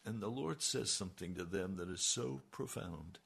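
A man preaching a sermon, slow and emphatic, his voice rising on key lines. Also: deep voice, vocal fry, a bit bright, husky. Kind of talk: radio sermon.

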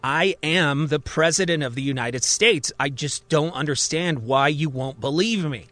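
A man voicing an agitated male patient who insists he is the president, emphatic and almost yelling. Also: fairly high pitch, unhurried, dry recording.

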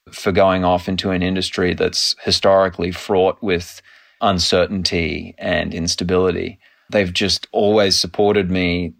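Deep-voiced Australian man telling stories. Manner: animated, laughing storyteller. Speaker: actor guest. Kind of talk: casual storytelling interview.

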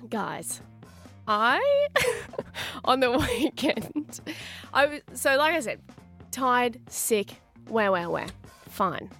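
A young Australian woman co-hosting a radio show, telling a story in casual banter, animated and dramatic as she acts out her own panic. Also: high-pitched, drawn-out words, long pauses, faint music behind. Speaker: radio co-host. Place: radio studio. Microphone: studio microphone.

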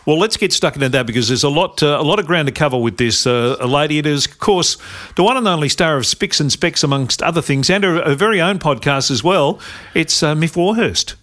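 An Australian man hosting a podcast, jokey and teasing, with frequent uh pauses. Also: on the high side, lively intonation, a bit bright. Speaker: podcast host. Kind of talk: casual chat.

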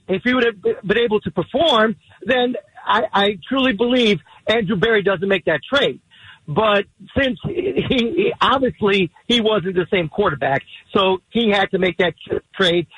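A man's voice: high voice, normal speed, fairly bright tone, slightly rough, dull audio. A man calling in to a sports radio show from his car, indignant and stammering through restarts. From Cleveland area, USA. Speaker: caller. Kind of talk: call-in sports radio rant. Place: in a car, driving.

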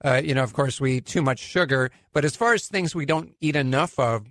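A man's voice: mid-range voice, fairly quick, no echo. A middle-aged man hosting a radio show at a studio microphone, chatting casually, laughing often, with plenty of fillers.

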